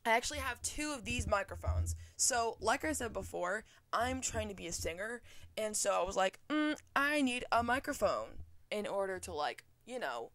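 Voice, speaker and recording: A young woman hosts her first podcast episode at home, talking off the cuff in a loose, rambling way. She swears casually and makes self-deprecating jokes, her voice sitting at an ordinary middle pitch. The sound is dry and close, caught on a cheap microphone with no room echo. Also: fairly bright tone. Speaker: podcast host. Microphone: cheap USB microphone.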